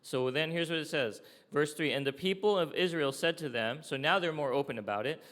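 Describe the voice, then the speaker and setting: A man's voice: fairly high pitch, fairly quick, fairly bright tone. Man preaching in a reverberant hall. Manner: conversational preaching, checks in with "okay?" and "right?". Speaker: pastor. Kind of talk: sermon.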